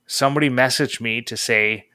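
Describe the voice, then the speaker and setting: A man's voice: medium pitch, moderate pace, bright, forceful tone, clear, resonant tone, no room sound, studio quality. A man co-hosting a podcast, chatting eagerly and casually. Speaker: podcast co-host. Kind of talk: casual chat.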